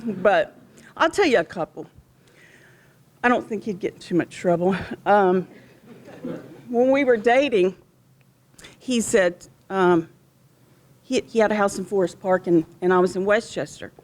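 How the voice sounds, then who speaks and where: A middle-aged woman speaks at a remembrance gathering. She rambles with frequent restarts, and her tone is heartfelt. Her voice sits at an ordinary middle pitch. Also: a little slow, pauses often. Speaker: widow of a police officer speaking at a memorial. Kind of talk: personal storytelling speech at a remembrance gathering. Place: outdoor memorial gathering.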